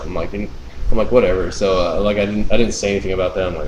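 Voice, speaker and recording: Casual podcast host: low-voiced man, profane ranting storyteller, roomy recording. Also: fairly even intonation, racing, noisy background. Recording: roomy room sound.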